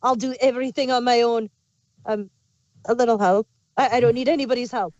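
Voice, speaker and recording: A woman's voice: a little high, fairly even intonation, brisk, darkish tone, dry recording, close to an everyday voice. A woman voicing a stubborn old male duck tycoon who insists he needs nobody's help, in a huffy manner. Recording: dry, slightly dull lo-fi audio.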